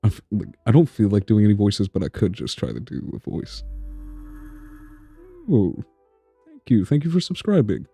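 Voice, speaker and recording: Gravelly, dark-voiced male game streamer. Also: fairly low pitch, sing-song, moderate pace, pauses often, no echo, soft background music. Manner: swearing, laughing, reading dialogue aloud. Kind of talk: game playthrough with commentary.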